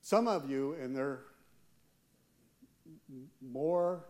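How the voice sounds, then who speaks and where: A man preaches a sermon as a church elder, earnest and deliberate, leaning on slow emphatic pauses. His voice sits at an ordinary middle pitch. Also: darkish tone.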